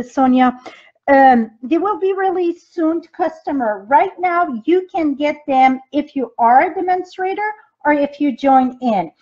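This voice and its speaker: A woman with a high voice takes her time as she hosts a live-streamed craft demo. She talks straight to her viewers, explaining each step with loose grammar and plenty of ums. The audio is dull and lo-fi, like a phone stream. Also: a little mellow. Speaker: craft demonstrator and team leader. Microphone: device mic from a live video stream.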